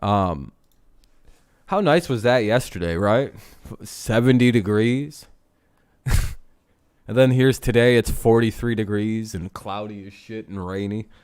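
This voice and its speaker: A man's voice: on the low side, unhurried, a little mellow, clean tone, no echo, studio quality. Chatty, swearing sports streamer man. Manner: chatty, swears casually, laughs often. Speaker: streamer and host. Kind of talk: casual live-stream chat.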